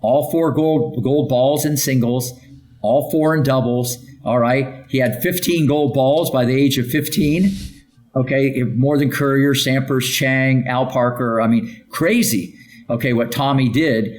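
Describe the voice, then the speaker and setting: A man's voice: mid-range voice, unhurried, a little mellow. An older man and tennis coach telling stories in a podcast interview, emphatic and punchy, rattling off lists of names and checking in with "okay?".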